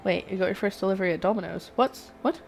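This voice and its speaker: A woman's voice: medium pitch, quick pace, vocal fry. A young woman streaming herself cooking, chatting and rambling to her viewers while she works in her home kitchen. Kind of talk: live-stream cooking chat. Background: faint background music.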